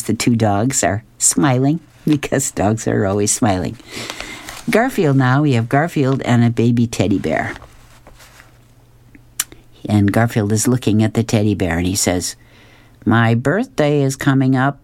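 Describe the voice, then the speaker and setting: A woman's voice: extremely low pitch, unhurried, a little mellow. A woman reading newspaper comic strips aloud, describing each panel with chatty, amused asides.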